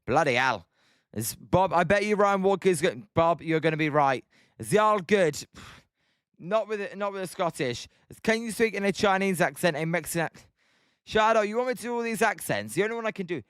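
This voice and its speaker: A man's voice: sits high, lively intonation, brisk, fairly bright tone, smooth, dry recording. A young British man hosting a casual baseball watch-along stream, chatting to viewers and calling the plays with self-mocking humor. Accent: British English. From Britain. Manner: chatty, self-mocking, reads chat aloud. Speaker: livestream host watching baseball. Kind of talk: casual live-stream chat and play-by-play.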